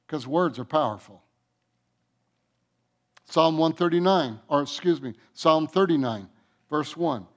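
A man preaching a sermon as a pastor, stressing key points by slowing down and letting phrases fall soft at the end. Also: a little high.

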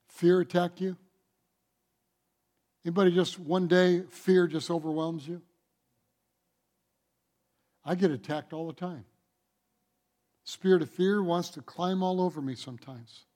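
A man preaching a sermon as pastor, emphatic, swinging between loud declarations and quiet asides. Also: on the high side.

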